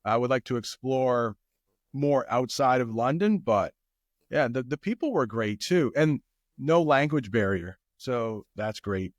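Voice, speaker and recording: Relaxed American man, dry close sound. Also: mid-range voice, a little slow, no room sound. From United States. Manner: relaxed, repeats phrases, easygoing. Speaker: guest English teacher. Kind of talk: casual podcast conversation.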